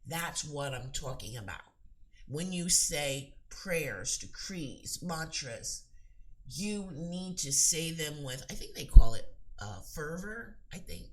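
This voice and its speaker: A woman's voice: low-pitched, expressive, takes it slowly. A woman speaking earnestly and emphatically as a psychic teacher, giving spiritual advice in a rambling monologue with frequent restarts.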